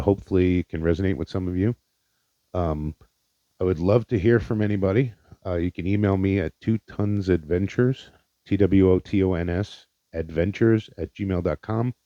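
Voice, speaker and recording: Deep-voiced, mellow-toned podcasting man. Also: dry recording. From Indiana, Pennsylvania, USA. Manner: rambling, profane, sincere, with many fillers. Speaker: podcast host. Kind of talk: casual solo podcast monologue. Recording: dull lo-fi dry recording.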